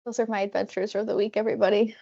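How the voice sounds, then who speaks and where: A woman's voice: mid-range voice, very fast, gravelly. Chatty storytelling woman, lo-fi sound. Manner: animated, many "like" fillers, acts out quoted people. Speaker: podcast co-host. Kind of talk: casual storytelling chat.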